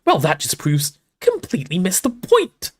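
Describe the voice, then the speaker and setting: A man's voice: high voice, huge pitch swings, normal speed, pitched above the performer's own voice, full character voice. Man doing a spluttering hot-headed schoolboy. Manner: spluttering and defensive. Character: hot-headed spluttering teenage boy wizard. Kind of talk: book read aloud on a livestream.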